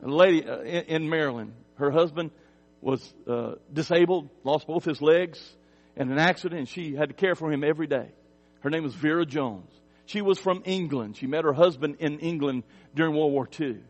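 A male pastor preaching a sermon, telling stories in a conversational way, with emphatic swells and quiet drops. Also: fairly high pitch, moderate pace, in a large hall, highs cut off, soft background music. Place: church sanctuary.

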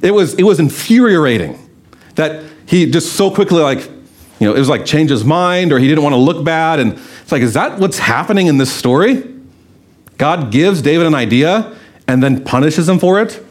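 A man's voice: on the high side, expressive, normal speed. A man preaching a sermon in a conversational way, asking rhetorical questions and telling stories. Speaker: pastor.

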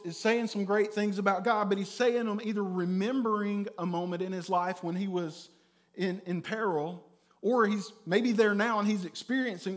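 A man preaching a sermon as a pastor, conversational and animated, often checking in with "right?". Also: sits high. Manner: conversational, with frequent "right?" tags; animated storytelling with bursts of loudness.

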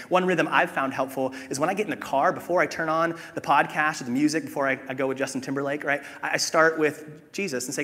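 Lively bright-voiced pastor preaching. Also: male voice, a little high, fast, few pauses. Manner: animated, conversational, with self-mocking humor. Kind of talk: sermon. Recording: long hall reverb.

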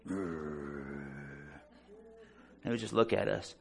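A man's voice: sits low, animated, slow, gravelly, darkish tone. A man preaching a sermon, delivering it fervently and emphatically with personal stories. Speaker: pastor.

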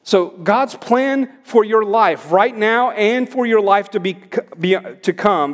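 High-voiced preacher in a reverberant hall. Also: male voice. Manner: emphatic preaching, swelling on commands. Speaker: pastor. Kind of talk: sermon.

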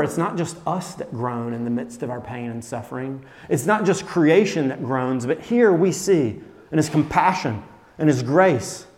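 A man's voice: a little high, in a large hall. Earnest man preaching a sermon. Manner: earnest preaching, dropping soft then rising emphatic. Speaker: pastor.

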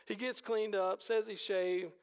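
A male pastor with a high, gravelly voice tells a story in animated fashion, leaning on rhetorical questions. His words ring out with a long reverb from a large church hall. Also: a little slow. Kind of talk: sermon.

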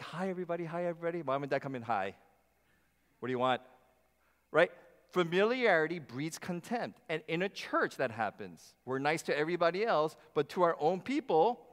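A middle-aged man preaching a sermon as pastor, animated, with acted asides to the congregation. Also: on the high side. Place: church sanctuary. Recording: long hall reverb.

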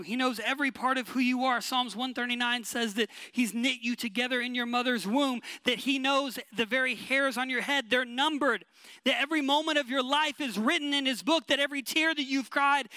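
A male pastor preaches in an emphatic, conversational way, circling back to short repeated phrases. His voice sits high and sounds sharp and forward, and the sound is dry and close. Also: normal speed, no room sound. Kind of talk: sermon.

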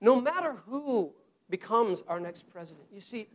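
A man preaching a sermon in an earnest, conversational way, speaking straight to his congregation and slowly repeating his key phrases for emphasis. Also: sits high, lively intonation. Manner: conversational, addresses the congregation directly.

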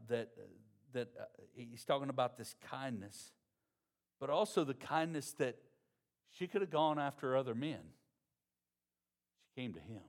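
A pastor, preaching a sermon in a conversational, folksy way. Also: male voice, mid-range voice.

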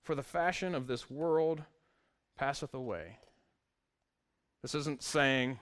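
A man's voice: on the high side, measured pace, a bit bright. A male pastor preaching a sermon, reading scripture aloud with wry, conversational asides to the congregation.

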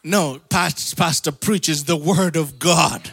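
A man preaching a sermon in an animated way, acting out little voices, laughing and calling for amens. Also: fairly high pitch, slow pace, vocal fry, slightly rough, no room sound, soft background music. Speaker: pastor.

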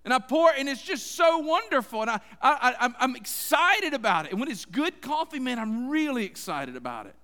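A man's voice: very high-pitched, very animated, a little fast, few pauses, bright, forceful tone. A man preaching a sermon in a folksy, conversational way, talking straight to his congregation. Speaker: pastor. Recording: long hall reverb.

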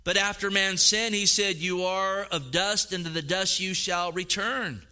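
In a clean, high-pitched tone and at a measured pace, a middle-aged male pastor preaches energetically. He imitates the voices he quotes and repeats his words as he goes.

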